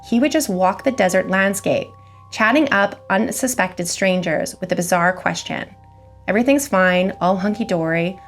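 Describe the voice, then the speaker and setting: A woman voicing a gruff, stern male government agent with an American Western drawl, talking slowly and bluntly. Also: mid-range voice, lightly acted. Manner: slow, blunt and commanding.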